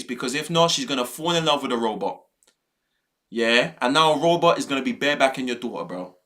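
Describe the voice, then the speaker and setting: A man streaming his reactions to news clips, worked up and ranting with plenty of slang and swearing. His pitch swings widely as he goes. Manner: exasperated, animated, swearing, slangy.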